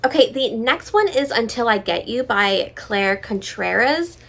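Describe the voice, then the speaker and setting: Chatty, high-voiced woman vlogger. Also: lively intonation, measured pace, vocal fry. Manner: chatty, filler-heavy, drops into soft asides. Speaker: book vlogger. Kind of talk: casual book chat.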